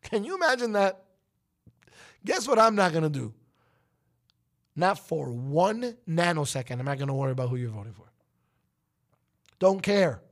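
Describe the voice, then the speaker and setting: Male host, emphatic monologue, swooping pitch, slightly high voice. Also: sing-song, moderate pace, pauses often. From United States. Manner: emphatic, preachy, rising to outbursts. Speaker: talk show host. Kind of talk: opinion monologue on a talk show.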